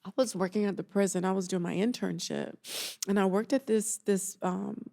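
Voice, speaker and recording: A woman's voice: mid-range voice, fairly even intonation, moderate pace, gravelly, warm tone. A woman from Atlanta, a therapist guest on a podcast, telling reflective stories in an earnest, emotional way. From Atlanta, Georgia. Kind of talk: casual interview chat.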